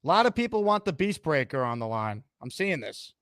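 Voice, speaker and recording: Man, stream host, upbeat, slightly high voice, dry close sound, talks to viewers. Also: sing-song, fairly quick, fairly bright tone, no echo. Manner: upbeat, addressing viewers and callers. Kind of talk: live-stream fan show hosting.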